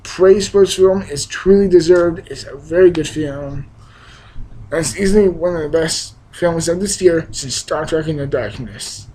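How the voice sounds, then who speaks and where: A man's voice: on the high side, normal speed, warm tone, poor audio. A young man giving a casual, rambling film review, with frequent restarts, fillers and emphatic bursts. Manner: enthusiastic, emphatic. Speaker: movie reviewer.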